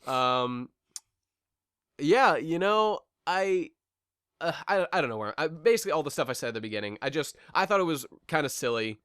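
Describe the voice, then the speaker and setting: A man's voice: fairly high pitch, expressive, normal speed, fairly bright tone, smooth, dry recording, studio quality. A man co-hosting a podcast in casual chat about a cartoon episode, wry and hesitant with many restarts. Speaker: podcast co-host.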